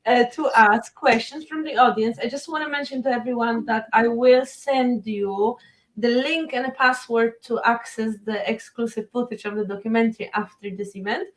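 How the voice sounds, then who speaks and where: A woman's voice: on the high side, steady tone, normal speed, rough recording. Woman moderating an online panel.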